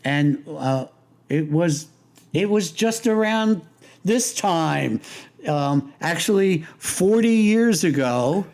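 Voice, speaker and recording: Speaking slowly, with a fairly high and slightly mellow voice, this older interviewee sounds animated. He spins long, amused, meandering stories in a casual chat and keeps starting his sentences over.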